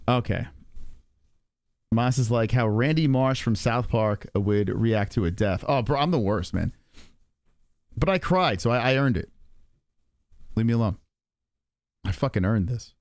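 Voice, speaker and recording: A man in his forties hosting a live stream, rambling casually with heavy swearing and heartfelt pauses. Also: mid-range voice, expressive, darkish tone, no room sound, clean studio sound. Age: 40s. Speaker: stream host.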